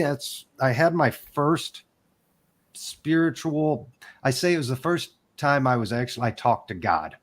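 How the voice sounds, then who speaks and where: Guest, male, 40s, mid-pitched, frank emotional storyteller who swears freely. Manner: candid and emotional, swears casually. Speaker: podcast guest. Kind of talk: personal storytelling.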